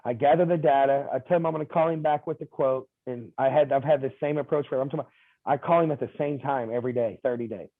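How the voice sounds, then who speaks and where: A man's voice: medium pitch, fast, no echo. Story-telling man on a tinny line. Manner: lively anecdotal telling with quoted dialogue and fillers. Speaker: insurance agent guest. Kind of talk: casual interview storytelling.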